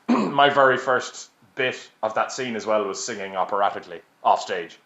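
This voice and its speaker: A man's voice: lowish voice, normal speed, a bit bright. A young Irish man in his late twenties, a podcast guest, telling stories in a chatty, self-mocking way and laughing often. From Ireland. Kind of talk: casual storytelling. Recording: roomy, slightly dull recording.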